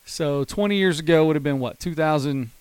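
Podcast guy in his 30s telling a goofy story, kinda high voice, dry close mic. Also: brisk, clear, resonant tone, no echo. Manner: animated storyteller, laughs hard at his own story. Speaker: podcast co-host. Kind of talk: casual chat, storytelling.

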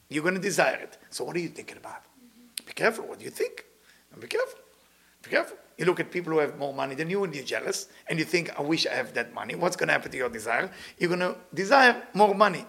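Gravelly middle-aged guy teaching a spiritual lecture, voice jumps around a lot. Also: a little high, fast. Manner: non-native English grammar, animated, swings between loud and hushed.

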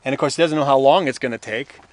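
A man's voice: mid-range voice, quick pace, no echo. A man preaching a casual sermon, retelling a scripture story and acting out its characters. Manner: conversational, acts out the story's voices.

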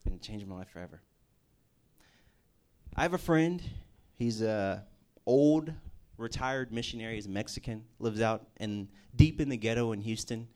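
A campus ministry speaker preaches his personal testimony, telling it as a casual story with jokey asides. His voice is mellow and on the low side, at a normal speed.

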